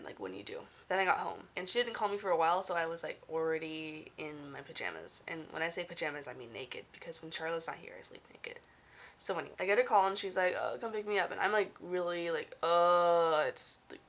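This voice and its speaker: A young woman chatting casually to the camera from her dorm room, telling a story in a bubbly, animated way. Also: fairly low pitch. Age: young adult. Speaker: vlogger.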